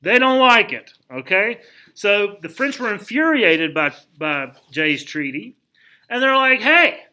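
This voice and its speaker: A male history teacher lectures his class in a lively, conversational way and keeps firing rhetorical questions at the students. His voice sits fairly high and sounds bright and forceful. He restarts his sentences often as he talks. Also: a little slow.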